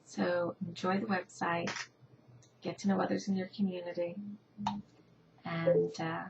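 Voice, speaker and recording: A woman's voice: lowish voice, level tone, a little slow, gravelly, dull audio, background noise. A middle-aged woman from New Jersey telling her family story, emotional and heartfelt, her voice sometimes dropping to a whisper. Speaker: patient advocacy founder. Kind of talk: personal story to camera.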